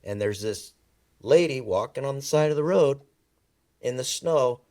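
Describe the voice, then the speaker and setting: A man telling personal stories in a podcast conversation, animated and emphatic, repeating words for effect. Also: mid-range voice, unhurried, no room sound, clean studio sound. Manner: animated storyteller who acts out quoted dialogue. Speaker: podcast guest.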